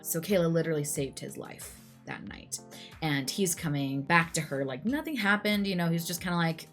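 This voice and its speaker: A young woman with a low-pitched voice retells a true crime case in a loose, conversational way, sprinkling in "like" and "you know." Faint guitar music plays behind her. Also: lively intonation, normal speed, fairly bright tone. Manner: chatty, frequent "like" and "you know" asides. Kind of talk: casual true crime storytelling.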